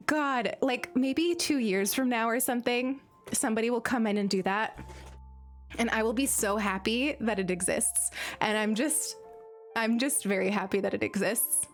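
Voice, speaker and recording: A woman's voice: a little high, moderate pace, soft background music. A young woman streaming, chatting casually and giggling, with lots of filler words. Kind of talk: casual chat while gaming.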